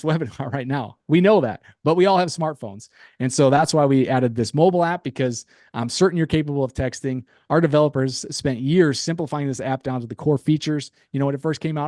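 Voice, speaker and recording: A man presenting a sales pitch on a webinar, upbeat, with light chuckles and casual asides. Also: darkish tone, no echo, studio quality.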